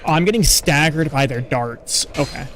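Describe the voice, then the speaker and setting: A man's voice: fairly high pitch, normal speed, a bit bright, a little hiss or hum. A man streaming a video game, rambling casually and poking fun at himself while chatting with viewers. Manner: rambling, self-deprecating, chatty with stream chat. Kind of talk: casual gaming commentary.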